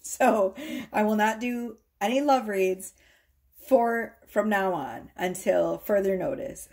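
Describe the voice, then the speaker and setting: A woman's voice: mid-range voice, a little mellow. Chatty lady doing a tarot video, rambles on, keeps saying okay?. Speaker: tarot reader. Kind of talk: casual chat to viewers.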